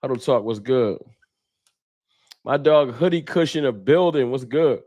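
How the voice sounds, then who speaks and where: A man's voice: medium pitch, measured pace, darkish tone. A man hosting a fan livestream, casually greeting viewers by name in laid-back slang.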